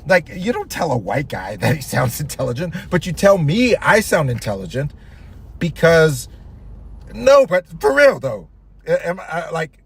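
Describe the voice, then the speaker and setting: A husky, slightly high-voiced young man talks loosely from behind the wheel. He rambles, restarts his sentences and swears freely. The sound is a casual in-car recording. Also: huge pitch swings, measured pace. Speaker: vlogger. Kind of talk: casual chat while driving.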